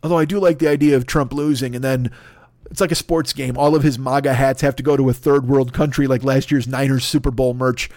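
A man's voice: medium pitch, fairly even intonation, a little fast, darkish tone, no room sound, studio quality. A man hosting a podcast, ranting in exasperated comic bursts full of profanity. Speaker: podcast host. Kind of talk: comedic rant. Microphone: podcast microphone.

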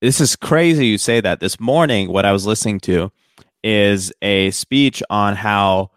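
A man co-hosting a relaxed podcast conversation in a fairly low voice. He reasons things through earnestly, leaning on casual fillers. The recording is dry and close. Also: unhurried, clean tone, no echo. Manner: reflective, earnest, uses fillers like "you know". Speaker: podcast co-host. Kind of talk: casual chat.

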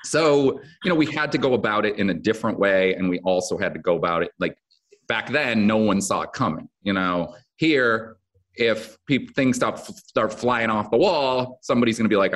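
A man's voice: fairly low pitch, fairly bright tone. A man who writes a daytime drama, talking casually in an interview and rambling with lots of fillers and restarts. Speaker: soap opera head writer.

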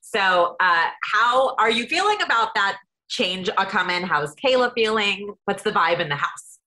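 A woman's voice: medium pitch, expressive, unhurried, bright, forceful tone. A woman hosting a podcast, asking upbeat, direct interview questions. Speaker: podcast host.

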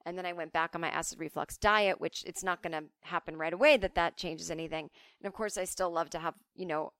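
A woman's voice: fairly low pitch, fairly even intonation, a little fast, fairly bright tone, clean tone, no echo. Chatty, profane woman telling comic stories. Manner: chatty, profane, self-mocking. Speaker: podcast host. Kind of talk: casual comic storytelling.

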